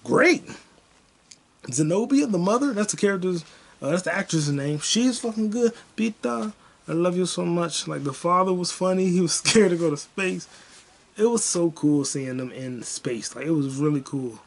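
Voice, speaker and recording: Profane rambling man with a gravelly voice. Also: high voice, moderate pace. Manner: profane, rambling, animated bursts of excitement. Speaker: podcast host. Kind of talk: casual solo movie review rant.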